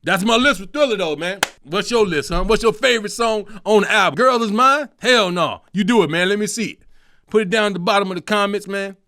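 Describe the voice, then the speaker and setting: A man, hosting a comedic solo talk show, animated and profane, breaking into sung snippets. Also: high-pitched, a little fast, dry recording. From Chicago. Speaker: host.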